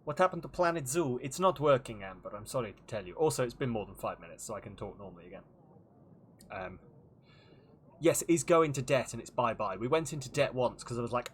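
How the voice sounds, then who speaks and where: A man's voice: medium pitch, lively intonation, brisk, slight background noise. A man streaming a game, chatting playfully and laughing often. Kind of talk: casual game-stream chat.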